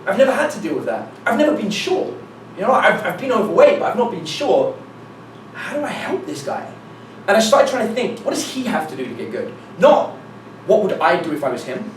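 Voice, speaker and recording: A man giving a live seminar talk as a dating coach, telling anecdotes in an animated way, acting out dialogue and swearing casually. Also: sits high, slight background noise. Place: meeting room with an audience. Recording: echoey room from a distance, faint ambience.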